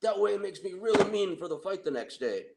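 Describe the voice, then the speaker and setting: Boastful hulking foreign brute fighter, slow growling threats, pitched up high, as a man puts him on. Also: expressive, creaky, heavy background noise.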